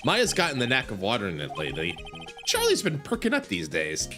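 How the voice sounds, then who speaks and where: Man, game playthrough narrator, quick joking delivery, very lively pitch, clear background music. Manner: quick, joking, laughs often. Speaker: gameplay narrator. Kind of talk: game playthrough with read-aloud dialogue and jokes.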